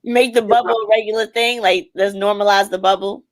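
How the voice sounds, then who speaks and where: A woman's voice: mid-range voice, steady tone, a little fast. A woman guest in a casual podcast chat, teasing and handing out advice. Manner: teasing, advice-giving banter.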